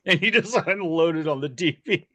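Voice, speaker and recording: This is a man hosting a relaxed interview. He tells stories in an animated way, often laughing mid-sentence. His voice sits in a middle range and shifts a lot as he acts out what others said. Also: a little high, a little slow. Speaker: podcast host. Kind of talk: casual interview storytelling.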